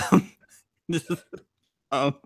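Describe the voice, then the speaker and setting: A man's voice: on the high side, drawn-out words, creaky, pushed and bright, dry recording. A male livestream host speaking hesitantly with many fillers. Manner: hesitant, filler-heavy, laughing nervously. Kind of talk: livestream hosting.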